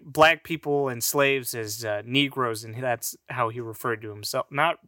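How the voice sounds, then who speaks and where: A man's voice: medium pitch, measured pace, bright, forceful tone, no room sound, studio quality. A man of Mexican heritage rambling through a casual, profane monologue, often laughing at his own jokes.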